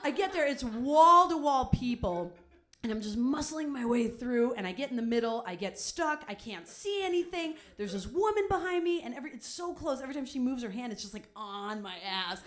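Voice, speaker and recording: A woman's voice: sits high, lively intonation, brisk, fairly bright tone. A young woman telling a comic personal story on stage, chatty and self-mocking, with many "like"s. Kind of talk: live comedic storytelling.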